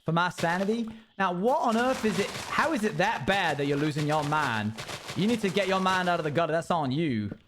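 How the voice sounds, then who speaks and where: Man, live game streamer, mock-annoyed banter, somewhat high-pitched, chatty. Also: expressive, fairly quick, noisy background. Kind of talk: live gameplay commentary, chatting with viewers.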